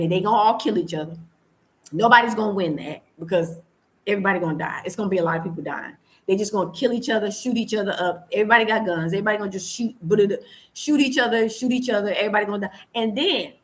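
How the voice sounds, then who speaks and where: A woman from the United States talking in an impassioned vlog monologue, fervent and preachy, repeating her points for emphasis. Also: mid-range voice. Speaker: vlogger.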